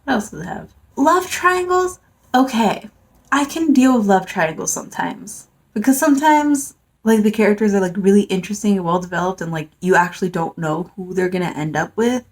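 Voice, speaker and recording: A woman's voice: mid-range voice, brisk, hardly any pauses, darkish tone. A woman giving a casual manga review, rambling and dry, full of fillers and sarcastic asides. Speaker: book reviewer.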